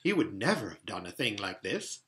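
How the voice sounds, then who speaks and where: A man's voice: lowish voice, big pitch swings, normal speed, pushed and bright, voice pushed down. A man voicing a tearful, guilt-ridden male faun in a storybook reading, talking between sobs. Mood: sorrowful. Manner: sobbing, sorrowful.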